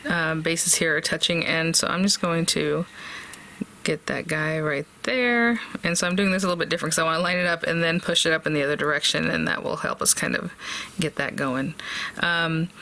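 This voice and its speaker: A woman's voice: lowish voice, fairly quick, sharp tone. Chatty woman hosting a crafting tutorial. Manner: chatty, thinks aloud with fillers and small laughs.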